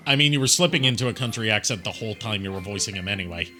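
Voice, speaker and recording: A man's voice: lowish voice, expressive, very fast, pushed and bright, faint music behind. A man streaming a video game with friends, chatting casually and joking as he plays. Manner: joking, laughs easily. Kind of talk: casual chat over gameplay.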